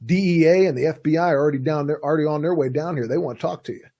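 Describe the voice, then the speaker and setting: A man's voice: on the high side, very fast, dark tone. A man voicing a coaxing police interrogator who pretends to be the suspect's friend. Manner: coaxing, reassuring. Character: smooth, falsely friendly male police interrogator.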